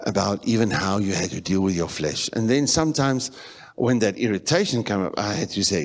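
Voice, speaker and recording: A middle-aged man preaching in a church, talking conversationally and repeating phrases, with animated bursts. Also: on the low side, brisk. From South Africa. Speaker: pastor. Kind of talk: sermon.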